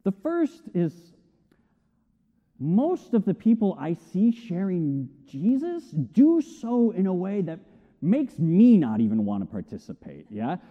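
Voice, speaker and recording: Animated man preaching in an echoey hall. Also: sits high, slow. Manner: animated storytelling, acts out shouted quotes. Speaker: pastor. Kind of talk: sermon. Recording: tinny phone-like sound with long hall reverb.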